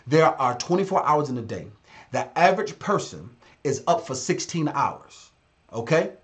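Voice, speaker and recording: A man's voice: on the high side, lively intonation, normal speed. A man hosting a casual live stream as a business consultant, talking straight to his viewers in a blunt, direct way. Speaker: livestream host and business consultant.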